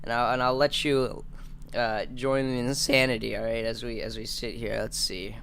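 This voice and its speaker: A man's voice: medium pitch, little pitch movement, moderate pace, creaky, fairly bright tone, slight background noise. A man in his twenties hosting a live stream, rambling and stammering through casual jokes. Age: 20s. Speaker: livestream host.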